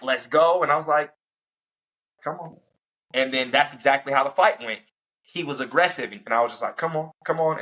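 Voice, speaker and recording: A man's voice: medium pitch, low-quality recording. A young man, a professional fighter, recounting his fights in a casual interview and acting out the moments as he goes. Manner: animated, acts out fight moments and quotes. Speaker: professional MMA fighter, guest.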